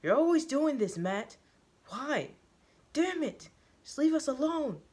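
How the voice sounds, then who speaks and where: A woman voicing a hot-tempered young man who yells in fury, her pitch leaping high as she shouts. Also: sing-song, slow, heavily acted. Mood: furious. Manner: yelling, pitch jumping high.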